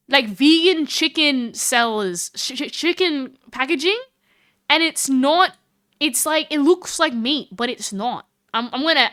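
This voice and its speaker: A woman chatting casually on her live stream, animated and full of laughs and restarts. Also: high-pitched, dry recording, studio quality.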